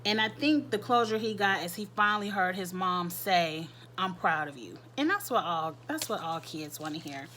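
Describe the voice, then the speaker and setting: Bright-voiced chatty woman recapping. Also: medium pitch, animated, normal speed, hardly any pauses, a little hiss or hum. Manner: chatty, repeats phrases for emphasis. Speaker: reality show recap host. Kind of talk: casual commentary.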